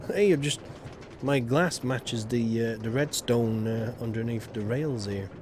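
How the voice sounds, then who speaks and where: A man with a Yorkshire accent rambles along in casual chat as he streams, his pitch sitting in an ordinary middle register. He keeps tossing in loose asides and tangents. A faint hum of room ambience sits behind him. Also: unhurried. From Yorkshire, England. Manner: rambling and chatty, full of "you know" asides.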